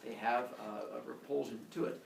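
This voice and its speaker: A male teacher giving a jokey, animated lecture to his class. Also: mid-range voice, moderate pace, vocal fry, slight background noise. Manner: jokey, animated, lots of uh fillers and voices. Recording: echoey classroom, camera far off.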